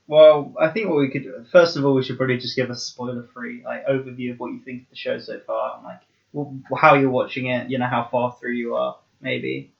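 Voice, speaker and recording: A man's voice: mid-range voice, steady tone, brisk, vocal fry. A man co-hosting a podcast in casual chat, loose and filler-heavy, often trailing off. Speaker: podcast co-host. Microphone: podcast microphone. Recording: slightly dull lo-fi sound.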